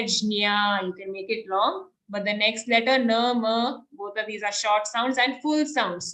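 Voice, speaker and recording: High, bright-voiced woman teaching chanting. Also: rough recording. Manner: patient, repeats syllables, alternates chanting with explanation. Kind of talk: online recitation lesson.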